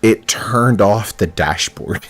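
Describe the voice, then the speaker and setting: A man's voice: lowish voice, takes it slowly, a bit bright. Blunt, swearing young male streamer. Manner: blunt, swears freely, restarts sentences. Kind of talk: casual live-stream chat while coding.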